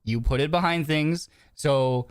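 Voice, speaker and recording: A man's voice: fairly high pitch, a little slow, no room sound, clean studio sound. A man streaming live, rambling through heavy fillers, nervous, earnest and openly emotional. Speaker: virtual streamer. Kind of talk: casual live-stream chat. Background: faint background music.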